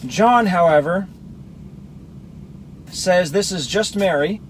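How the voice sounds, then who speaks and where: A man's voice: sits high, slow, slight background noise, poor audio. A man reading Bible verses aloud and explaining them, comparing the gospel accounts as a teacher. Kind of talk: scripture reading with commentary.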